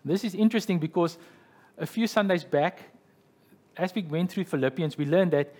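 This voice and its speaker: A man's voice: on the high side, normal speed, a little mellow. A man preaching a sermon as pastor, explaining scripture and retelling a story in an explanatory way, often checking in with "okay" and "right".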